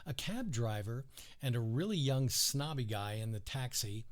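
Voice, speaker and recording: A man co-hosting a podcast, relaxed and chatty, reading out funny news items. He drifts into easy chuckles as he tells each story. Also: mid-range voice. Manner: laid-back, chuckles often, drawn-out storytelling. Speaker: podcast co-host. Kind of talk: casual chat, reading news stories aloud.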